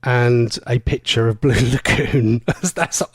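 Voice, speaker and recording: A man's voice: medium pitch, fairly even intonation, slow, slightly rough, no room sound. A man, a radio presenter telling long rambling stories in casual chat, full of fillers and self-corrections.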